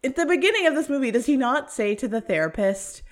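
A woman chatting casually on a podcast, animated and talkative, with lots of filler words. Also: high voice, fast talker. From North America. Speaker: podcast co-host. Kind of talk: casual chat.

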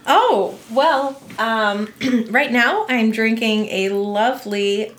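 A woman joining a podcast as a guest, chatting in a friendly, easygoing way. Her voice sits a little high, and she laughs easily between thoughts. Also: slow pace, a bit bright. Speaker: guest, church elder. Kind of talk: casual chat.

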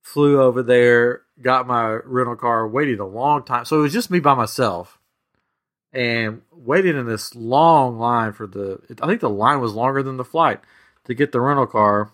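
A man's voice: medium pitch, unhurried, a bit bright. A man hosting a podcast, telling a travel story in a loose, rambling way with lots of restarts. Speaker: podcast host. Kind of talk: casual chat.

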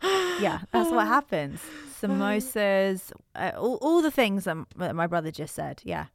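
A woman co-hosting a podcast, chatting playfully and laughing often. Her pitch swings up and down a lot as she talks. The sound is dry and close. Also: big pitch swings, a little slow, no echo. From Britain. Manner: laughs often, playful, does voices for relatives. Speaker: podcast co-host. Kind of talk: casual chat.

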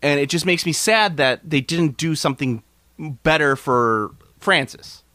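Excitable man in a dry, close recording. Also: on the high side, a little slow, dry recording. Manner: enthusiastic, rambling with frequent restarts. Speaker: podcast co-host reviewing a film. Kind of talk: casual chat.

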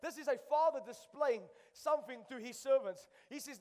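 High-voiced man preaching a fervent sermon. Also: moderate pace, a little mellow, in a large hall. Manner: impassioned preaching, repeats phrases for emphasis. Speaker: pastor. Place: church sanctuary.

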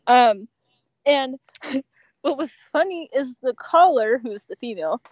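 A woman who works as an emergency dispatcher, chatting casually and telling animated stories, often laughing and acting out what callers said. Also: sits high, a little slow, no room sound, lo-fi sound. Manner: animated storyteller, laughs often, acts out quotes. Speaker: 911 dispatcher. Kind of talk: casual podcast chat.

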